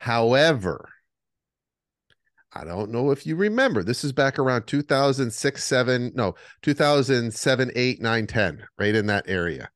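A man chatting on a podcast, telling animated stories and acting out what people said. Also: mid-range voice, moderate pace, no echo, clean studio sound. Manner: animated storyteller, acts out the voices in his stories. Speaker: podcast co-host. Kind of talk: casual podcast chat.

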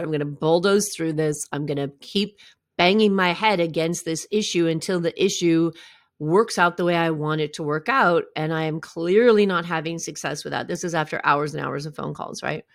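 A middle-aged woman hosts a podcast, sharing a personal story in a candid, conversational way and often checking in with "right?". Her deep voice moves at normal speed, and the studio-quality recording has no echo.

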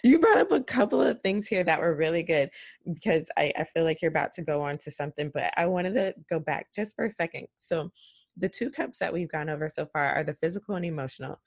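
A woman's voice: fairly low pitch, lively intonation, fast talker, vocal fry, dry recording. A woman hosting a casual podcast interview, giggly and self-deprecating as she talks. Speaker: podcast host.

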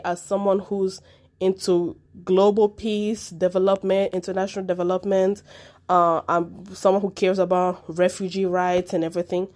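A woman's voice: on the low side, a little mellow. A woman from Africa hosting a solo commentary podcast, talking with passion and repeating words for emphasis. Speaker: podcast host.

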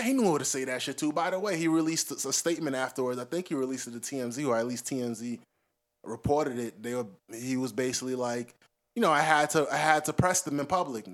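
A man's voice: mid-range voice, fast. A man co-hosting a podcast in loose, slangy casual chat, laughing often. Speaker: podcast co-host.

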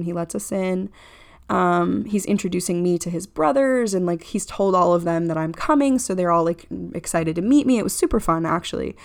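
A young woman hosting a podcast, telling a candid story in a chatty, casual way and acting out what others said. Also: on the low side. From Florida. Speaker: podcast host.

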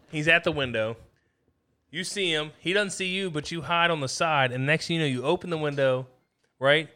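Bright-voiced podcast guy, rambling and profane. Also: a little high, moderate pace, long pauses, smooth. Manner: rambling, profane, acts out wild hypotheticals. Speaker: podcast co-host. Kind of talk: casual chat.

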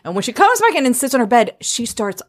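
A woman's voice: fairly high pitch, very animated, quick pace. Chatty, enthusiastic woman discussing a book. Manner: enthusiastic, chatty, many fillers. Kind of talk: casual chat about a novel.

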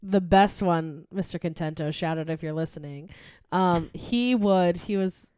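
A woman's voice: on the low side, measured pace, warm tone, clean tone, no room sound, clean studio sound. A woman co-hosting a podcast, chatting casually, laughing often and telling stories with fillers. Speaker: podcast co-host; teacher. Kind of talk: casual chat.

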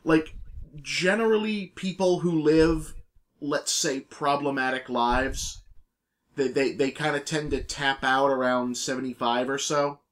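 Laid-back dude cohosting a podcast, kinda stammery, repeats words a lot. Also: male voice, medium pitch, steady tone, a little slow, a bit bright. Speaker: podcast co-host. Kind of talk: casual chat.

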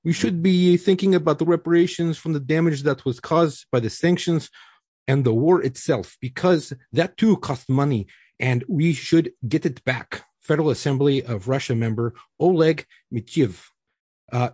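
A man's voice: on the high side, moderate pace, darkish tone, husky, dry recording, clean studio sound. A man co-hosting a podcast in casual chat, reading news items aloud and joking bluntly. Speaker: podcast co-host.

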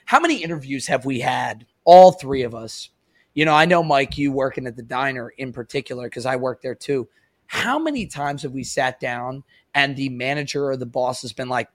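A man's voice: mid-range voice, normal speed, no echo. Chatty man in his thirties hosting. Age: 30s. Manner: chatty, rambling, swears casually. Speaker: podcast host. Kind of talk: casual chat.

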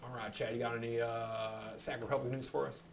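A young man co-hosting a casual football podcast, chatty and animated, telling stories and laughing often. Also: medium pitch, fairly quick, creaky. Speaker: podcast co-host. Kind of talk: casual sports chat.

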